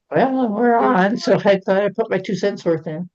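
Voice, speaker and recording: A woman's voice: medium pitch, measured pace, darkish tone. Woman joking around on a craft video call, lots of laughs, muffled lo-fi sound. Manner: chatty and teasing, laughs often. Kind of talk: casual chat. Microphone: computer microphone on a video call. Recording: dull lo-fi video call audio.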